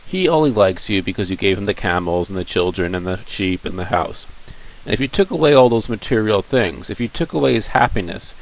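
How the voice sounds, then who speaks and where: A sly devil who needles and taunts in a low, casual voice, as a male teacher plays him. He sounds goading and mocking. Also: lively intonation, brisk, low-quality recording. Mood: taunting.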